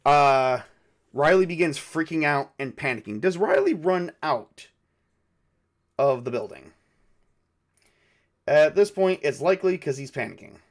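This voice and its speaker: A man's voice: on the high side, lively intonation, measured pace, long pauses. Give me a man narrating a solo tabletop game as he thinks aloud. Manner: thinking aloud with many fillers. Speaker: game master and solo player.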